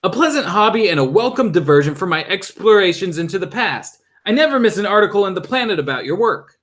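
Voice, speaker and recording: A man's voice: sits high, big pitch swings, quick pace, a bit bright, voice pushed up. A man voicing a fussy, polite elderly male museum curator who talks eagerly in a raised voice.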